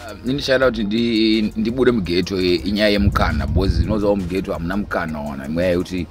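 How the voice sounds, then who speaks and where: A man's voice: sits low, fast, darkish tone, faint music behind. A man, a filmmaker, talking casually in a rambling way, switching between Shona and English. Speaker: interviewed filmmaker. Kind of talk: casual recorded interview.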